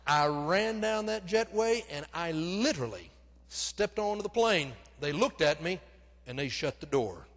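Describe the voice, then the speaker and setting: A man preaching a sermon, telling a story dramatically and moving between loud urgency and hushed intimacy. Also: fairly high pitch, very animated, measured pace. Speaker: pastor. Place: church sanctuary. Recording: reverberant church hall.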